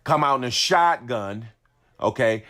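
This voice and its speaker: A man's voice: medium pitch, animated, measured pace, a bit bright. A man giving an indignant, repetitive rant as a sports commentator, hammering his points over and over. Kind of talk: ranting video commentary.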